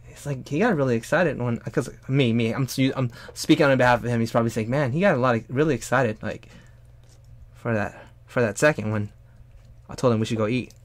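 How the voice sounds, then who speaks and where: A young man rambles casually over his drawing stream, shifting between easygoing talk and sudden loud, high-pitched exclamations. His mid-range voice is picked up close on a desk mic in a dry, dead room. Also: brisk, no echo. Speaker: streamer and artist.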